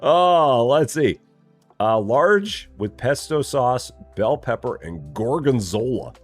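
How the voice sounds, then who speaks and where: A man's voice: medium pitch, big pitch swings, slow, husky, soft background music. A man streaming a game live, chatting casually, reading chat aloud and joking in a rambling way.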